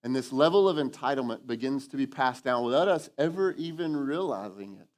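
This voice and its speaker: A man preaching a sermon as lead pastor in a church, lively and animated, acting out quoted voices and calling for responses from the congregation. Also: medium pitch, fairly quick. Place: church sanctuary.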